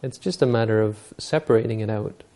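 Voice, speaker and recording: A man's voice: fairly low pitch, brisk, mellow. A man giving a Buddhist dharma talk, telling stories and explaining teachings unhurriedly, using Pali terms.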